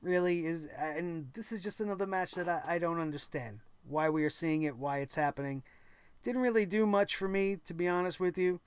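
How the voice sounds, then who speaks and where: A male wrestling show host rants through an episode recap, sarcastic and exasperated, breaking into mocking impressions. His voice sits high for a man. The sound is dry and close, with no room around it. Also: a little fast, smooth, dry recording. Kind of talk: opinionated recap commentary.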